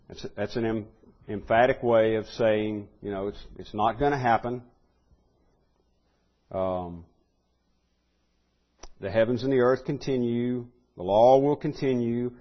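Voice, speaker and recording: A man's voice: mid-range voice, slow, pauses often, lo-fi sound. A man teaching a Bible lesson, thinking aloud with fillers and restarts, then building to emphatic repeated phrases.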